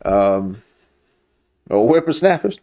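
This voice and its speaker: A man's voice: lowish voice, big pitch swings, slow pace, mellow. A man streaming, chatting casually in a rambling, jokey way. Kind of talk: casual chat.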